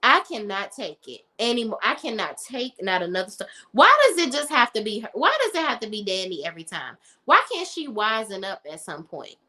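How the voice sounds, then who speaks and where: A young adult woman giving a casual, opinionated TV review in an animated, sassy manner, talking straight to her viewers. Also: medium pitch, brisk, few pauses. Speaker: TV show reviewer.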